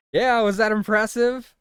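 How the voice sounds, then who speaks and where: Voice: medium pitch, clean tone, dry recording, clean studio sound. A streamer in their thirties chatting casually and rambling while playing a video game. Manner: chatty, self-amused, rambling.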